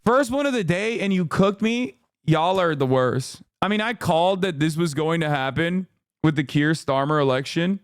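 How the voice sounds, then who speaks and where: A man reacting to news clips on a live stream. He talks bluntly and emphatically, swears a lot, and his voice sits fairly high. The sound is crisp and dry, with no room echo. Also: lively intonation, moderate pace.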